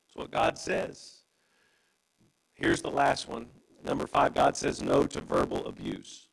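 Gravelly impassioned pastor preaching. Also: male voice, huge pitch swings, measured pace, rough recording. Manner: impassioned preaching with wide pitch swings. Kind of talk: sermon.

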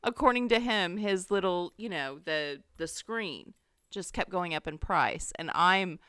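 A woman's voice: lowish voice, measured pace, bright, forceful tone, clear, resonant tone, dry recording, clean studio sound. A woman co-hosting a podcast, telling a story in a playful, laughing way. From Kansas. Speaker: podcast co-host. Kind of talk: casual chat.

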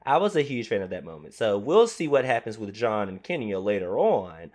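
A man chatting casually as a podcast co-host, recapping reality TV with plenty of sass and drama. His pitch swings widely through each sentence, and he drops "honey" into almost every thought. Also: sing-song, fairly quick, darkish tone.

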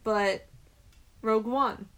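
A woman's voice: a little high, fairly even intonation, slow. A woman co-hosting a laid-back movie podcast. She tells stories in a playful, rambling way and drifts from point to point. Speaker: podcast co-host. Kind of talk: casual movie podcast chat.

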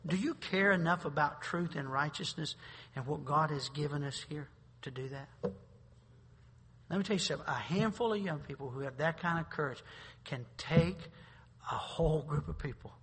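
A man pastor preaching a sermon, swinging between loud bursts and quiet asides. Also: a little high, moderate pace, breathy edge. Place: church sanctuary. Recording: long reverb of a large hall.

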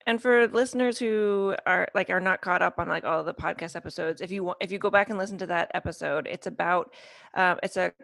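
A young adult woman, a podcast guest, chatting earnestly with many halting restarts and fillers. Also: lowish voice, gravelly, fairly bright tone, no echo, clean studio sound. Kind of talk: casual chat.

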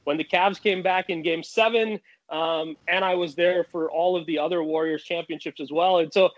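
A man telling a long personal story in casual talk, animated, with many restarts. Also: a little high, moderate pace, muffled recording.

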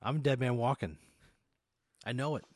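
A man playing along in an improvised comic story, with incredulous, profane deadpan reactions. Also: mid-range voice, normal speed, no echo, clean studio sound. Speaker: player. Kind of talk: improvised comedic play.

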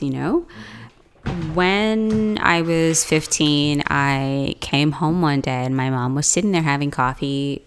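A woman's voice: extremely low pitch, gravelly, smooth. A woman from Canada telling a personal story in a laid-back, casual way, laughing often and using lots of fillers.

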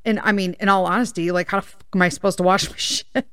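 A woman hosting a podcast, telling a story in a rambling, animated way and swearing freely. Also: medium pitch, quick pace, clean tone, no room sound, clean studio sound. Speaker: podcast host. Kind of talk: casual storytelling monologue.

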